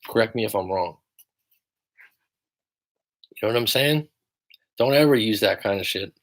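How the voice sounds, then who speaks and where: A man's voice: on the low side, moderate pace. A man coaching viewers on a livestream, blunt and emphatic, swearing often as he reads and answers their comments. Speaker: relationship coach.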